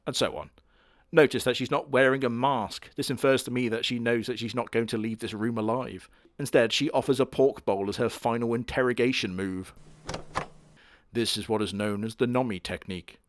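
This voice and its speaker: A man's voice: medium pitch, fairly quick, no echo, clean studio sound. A man giving crude, sardonic comedic commentary on an anime. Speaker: anime reviewer.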